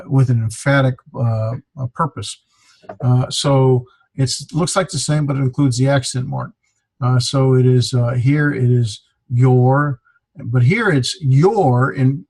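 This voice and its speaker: A man lecturing to a class with a gravelly, slightly husky voice. He explains patiently and steadily, pausing often on hesitant fillers as he walks through each point. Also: medium pitch, a little mellow, rough recording. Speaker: Greek teacher.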